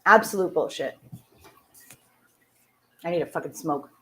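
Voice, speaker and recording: A woman from outside the United States hosts a casual talk-radio show from her home studio, smoking on air while she rants, swears a lot and chats about her day. Her voice is deep and measured, with slight background noise.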